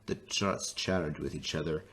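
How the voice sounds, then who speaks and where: A man narrating a toy train story in an expressive storybook reading. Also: rumbling low, moderate pace, slight background noise.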